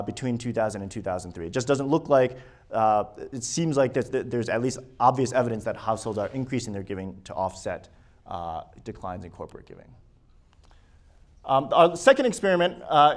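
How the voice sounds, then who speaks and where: A man giving an academic research presentation at a conference. He walks listeners through his slides and often restarts his sentences. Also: mid-range voice. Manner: hesitant, with frequent restarts and fillers. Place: conference session room.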